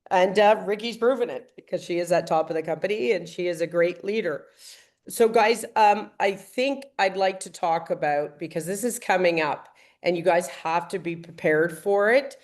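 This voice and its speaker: An older woman executive giving a team training talk, halting with fillers. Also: lowish voice. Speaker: network marketing executive. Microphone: video call.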